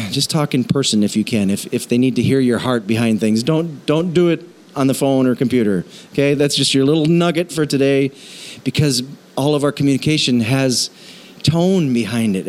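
A man preaching a sermon in a lively, conversational way, joking and asking the congregation questions. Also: medium pitch, normal speed. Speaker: pastor.

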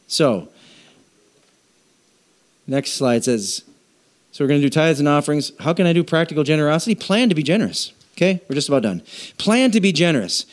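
A middle-aged male pastor preaching in a loose, conversational way, cracking jokes and throwing in lively asides. His voice sits a little higher than most men's. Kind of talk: sermon.

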